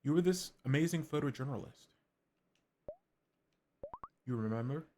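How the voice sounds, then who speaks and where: Man doing a gentle, earnest grown daughter. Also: medium pitch, normal speed, a little hiss or hum, natural voice.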